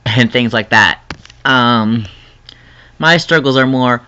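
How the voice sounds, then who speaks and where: Bright-voiced young man, lo-fi vlog. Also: medium pitch, slow pace, pauses often, clean tone. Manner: rambling, emotional, laughs often, earnest. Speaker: vlogger. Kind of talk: casual personal vlog.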